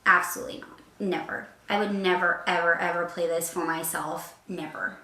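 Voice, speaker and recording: A woman's voice: fairly low pitch, fairly even intonation, moderate pace, sharp tone. A young woman chatting casually as a reaction video guest, talking emphatically and repeating herself. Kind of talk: casual chat. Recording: echoey room. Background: faint music.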